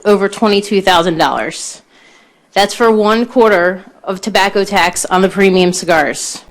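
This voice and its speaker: Earnest woman testifying at a hearing. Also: mid-range voice. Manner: earnest, pleading, grows tearful. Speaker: cigar shop owner testifying.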